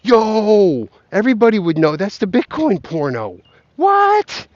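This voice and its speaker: A man's voice: high voice, big pitch swings, normal speed, a little mellow, no echo, lo-fi sound. A man ranting and joking while walking outdoors, profane and rambling, talking straight to his viewers. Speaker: vlogger. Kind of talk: rambling comic rant. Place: outdoors, walking along a path.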